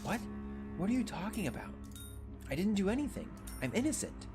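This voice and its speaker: A man voicing a terrified, wealthy child in a game, first defiant, then pleading for their life in a high voice. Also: moderate pace, over music, natural voice. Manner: high, pleading, rising into panic.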